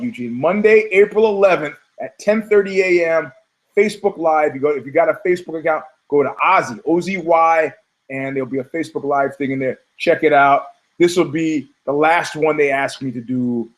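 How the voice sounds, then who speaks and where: A middle-aged man hosting a podcast, telling rambling stories in a loose, animated, profane way. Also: fairly high pitch. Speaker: podcast host. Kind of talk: casual podcast monologue.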